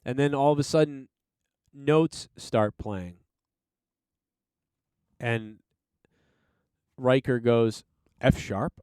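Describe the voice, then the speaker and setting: Male podcast host, mid-pitched, smooth clear voice, excitable rambling reviewer. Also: drawn-out words, pauses often, no room sound, studio quality. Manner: enthusiastic, rambling, swears casually. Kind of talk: casual solo review chat.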